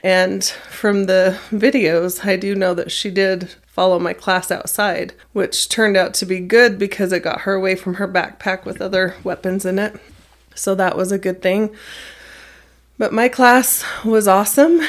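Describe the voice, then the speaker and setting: A woman teacher calmly recounting a personal experience in an interview, measured and plain-spoken. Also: mid-range voice. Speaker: middle school math teacher.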